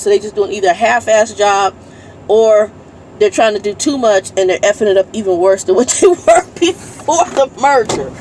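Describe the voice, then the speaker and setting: A woman's voice: mid-range voice, a little mellow, a little hiss or hum. A woman truck driver, ranting bluntly and reading out her messages in a casual vlog from her truck cab. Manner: irritated, blunt, swears, reads messages aloud. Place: inside a parked truck cab.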